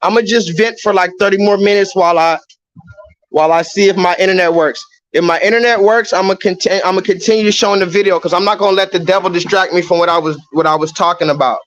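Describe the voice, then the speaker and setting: A man's voice: sits high, steady tone, quick pace, fairly bright tone, no echo, highs cut off. A man livestreaming from his phone outdoors, ranting in an agitated, repetitive way and swearing often. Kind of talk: ranting live stream monologue. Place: outdoors near a coffee shop. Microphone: phone held at arm's length.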